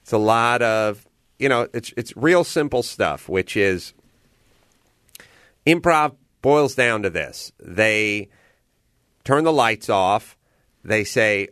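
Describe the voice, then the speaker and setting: A man in casual conversation, telling stories in a blunt, profane and animated way. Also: fairly low pitch, slow, pauses often, clean tone, no room sound, clean studio sound.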